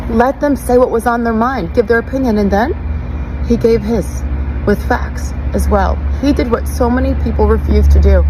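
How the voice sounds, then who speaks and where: A middle-aged woman gives a heartfelt tribute in a mid-range voice, grieving yet indignant. Clear background noise surrounds her, like traffic outdoors. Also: mid-range voice. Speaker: parent sharing a tribute. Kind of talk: personal tribute vlog.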